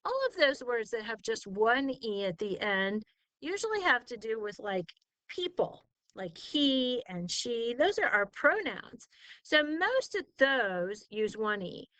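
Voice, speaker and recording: Slow, patient woman teaching phonics. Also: on the high side, very animated, fairly bright tone, no room sound, low-quality recording. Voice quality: drawn-out, emphatic sounding-out of vowel sounds. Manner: asks leading questions and answers them herself. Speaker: reading and spelling tutor.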